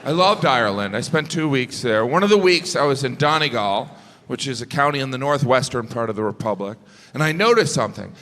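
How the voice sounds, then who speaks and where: Stand-up comedian man in an echoing hall. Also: fairly quick. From United States. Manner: deadpan observational, jumps into high-pitched asides. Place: large theater before a live audience. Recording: reverberant hall with live audience noise.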